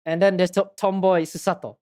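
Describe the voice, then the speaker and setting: A woman's voice: fairly low pitch, little pitch movement, fairly quick, warm tone. A woman streamer chatting casually while playing a game, giggly and self-mocking. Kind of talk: casual gameplay chat.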